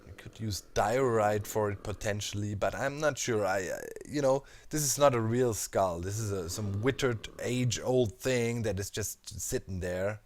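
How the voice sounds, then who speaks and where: A man's voice: on the low side, normal speed, hardly any pauses. A man casually commenting while he builds in a video game, thinking aloud with many fillers and asides. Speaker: Minecraft let's player.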